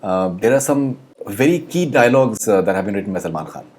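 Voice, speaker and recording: A man with a low-pitched voice asks an actor about his film. He keeps to short prompts and questions, often filled with ums and uhs. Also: animated, brisk, a little mellow. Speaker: interviewer. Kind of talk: interview questions.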